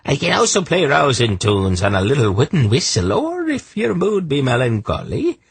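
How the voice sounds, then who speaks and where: A man's voice: medium pitch, huge pitch swings, normal speed, creaky, breathy edge, dry recording, pitched above the performer's own voice, full character voice. A man voicing a short, gaudy male juggler who boasts in a flowery, theatrical way with a lilting brogue. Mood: ingratiating.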